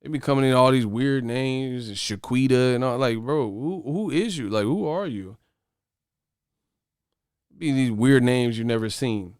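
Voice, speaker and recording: A boxing channel host rants to his viewers in loose, profane, animated livestream chatter. His smooth, clear, mid-range voice moves at an unhurried pace. The recording is dry and close to the mic.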